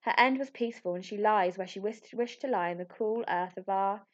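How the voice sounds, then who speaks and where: A woman's voice: medium pitch, close to an everyday voice. A woman voicing a grave, dignified old male yeti father who speaks solemnly, in a storybook reading. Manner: solemn, measured. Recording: slightly muffled audio.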